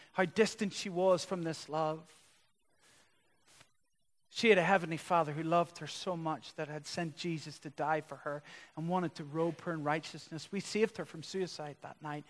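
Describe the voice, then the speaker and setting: A man preaching a sermon as a pastor, building to loud, impassioned passages. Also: a little high. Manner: impassioned preaching that swells louder. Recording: long reverb of a large hall.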